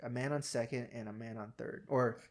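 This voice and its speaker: A young man co-hosting a podcast, telling stories in a casual, profane and animated way. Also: medium pitch, fairly quick. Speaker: podcast co-host. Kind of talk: casual chat.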